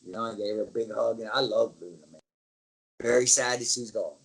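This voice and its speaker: This interview guest, a former wrestler, talks fairly quickly in a fairly low, creaky, slightly rough voice over a low-quality recording. He recounts stories casually and with animation, performing other people's lines and swearing now and then.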